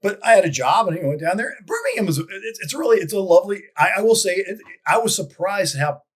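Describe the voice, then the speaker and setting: A man telling stories as a guest in a casual interview, rambling with frequent restarts and lively quoted voices. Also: sits high, fast, breathy edge. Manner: rambling with many restarts, animated quoting. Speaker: guest, advertising copywriter. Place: lives in Dallas.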